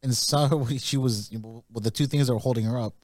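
A young man co-hosting a podcast, telling a story in a teasing, halting way. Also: medium pitch, steady tone, a little mellow, no room sound, clean studio sound. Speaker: podcast co-host. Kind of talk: casual chat.

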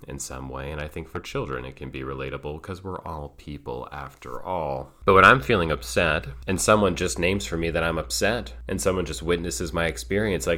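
A man who works as a child play therapist, speaking in a calm, measured, thoughtful way. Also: deep voice. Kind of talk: reflective solo talk.

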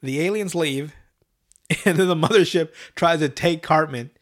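A man hosting a casual podcast, recapping a cartoon episode with swearing, laughter and quick asides. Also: on the high side. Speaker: podcast host.

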